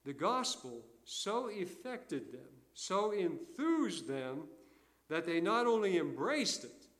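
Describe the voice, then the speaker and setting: Folksy older preacher, fairly high voice. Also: male voice, sing-song, slow. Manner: folksy storytelling preacher, swings between loud emphasis and quiet asides. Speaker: pastor. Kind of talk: sermon.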